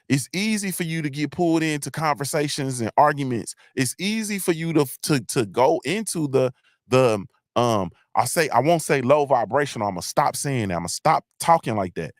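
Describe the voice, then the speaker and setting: A man's voice: a little high, dry recording, studio quality. A man hosting a live morning show, talking in a casual, motivational way. He is blunt and emphatic, curses freely, and keeps checking in with his listeners. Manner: emphatic, repetitive, often asks "you feel me?"; blunt, uses profanity. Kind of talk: casual motivational livestream talk.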